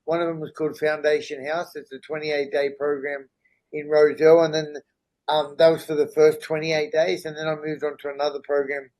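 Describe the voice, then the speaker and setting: A middle-aged man speaks as a podcast guest, his voice sitting a bit higher than most men's. He tells his story in a candid, earnest way, and he often pauses to check in with the listener. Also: darkish tone, low-quality recording. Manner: earnest, checks in with "right?" and "you know?".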